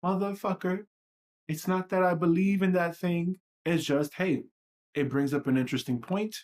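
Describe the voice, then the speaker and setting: A man's voice: a little high, fairly even intonation, normal speed, darkish tone. A man hosting a livestream, talking in a blunt, profane and self-reflective way. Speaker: livestream host. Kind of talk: candid livestream monologue.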